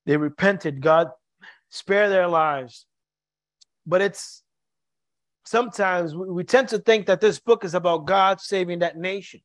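A man preaching a sermon to his congregation, earnest and halting, often repeating words as he searches for them. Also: high voice, no room sound. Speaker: pastor.

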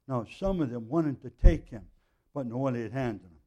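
A middle-aged man teaching a Bible passage verse by verse in a conversational way, with frequent throat clearing and asides. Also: mid-range voice, animated, moderate pace, warm tone, muffled recording.

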